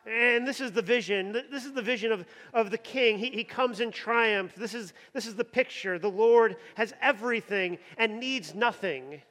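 A man's voice: sits high, normal speed, few pauses, a bit bright. A man preaching a sermon with emphasis, often repeating words as he builds up. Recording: long hall reverb.

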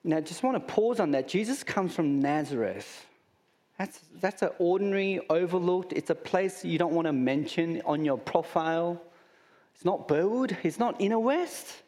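A man's voice: sits high, lively intonation, normal speed, dark tone, long reverb tail. A man with an Australian accent preaching a sermon in a conversational way, with rhetorical questions and humorous asides. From Sydney, Australia. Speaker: pastor.

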